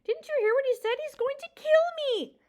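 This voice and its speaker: A small, anxious young mouse in a storybook, earnest and pleading, with a very high, lively voice a woman puts on. She sounds scared but determined. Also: brisk. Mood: furious. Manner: frightened, pleading.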